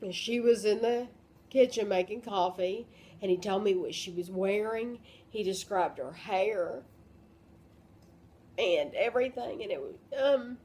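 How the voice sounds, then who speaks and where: A woman in her fifties, crying as she talks in a personal vlog. She speaks haltingly, with many pauses and fillers. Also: mid-range voice, darkish tone. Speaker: vlogger.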